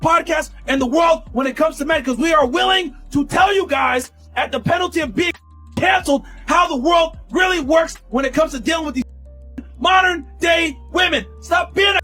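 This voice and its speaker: A man hosting a podcast, shouting a fired-up, preachy rant. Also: extremely high pitch, moderate pace, soft background music. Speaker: podcast host. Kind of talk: ranting podcast talk.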